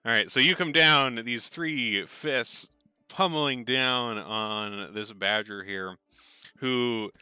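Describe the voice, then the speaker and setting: A man's voice: medium pitch, slow pace, pushed and bright, clean tone, no room sound. A man running a tabletop game as game master, narrating casually with lots of fillers and easy laughter. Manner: casual, rambling with many fillers, laughs easily.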